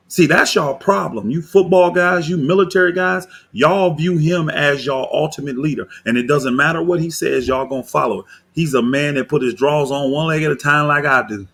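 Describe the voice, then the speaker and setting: A man, a pastor, giving heated reaction commentary on a video, indignant and combative, often rising into loud outbursts. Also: on the high side, moderate pace, gravelly, few pauses, husky.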